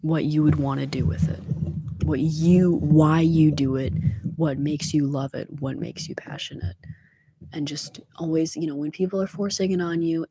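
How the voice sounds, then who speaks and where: A woman ASMR streamer talking softly on a livestream, often slipping into whispers, gently encouraging her listeners. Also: deep voice, slightly rough, no echo. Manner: soft-spoken, slipping into whispers. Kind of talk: soft-spoken livestream chat.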